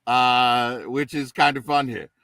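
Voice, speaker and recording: A man hosting a casual movie review chat, relaxed and rambling with many fillers, heard through a distant mic. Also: medium pitch, slow pace, vocal fry, dry recording. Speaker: podcast host.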